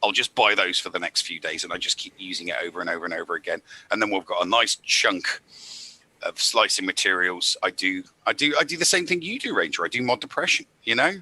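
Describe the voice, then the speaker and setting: A man's voice: sits low, fast talker, pushed and bright, breathy edge. A man on a live game panel, chatting casually and pressing his points with a repeated "you know".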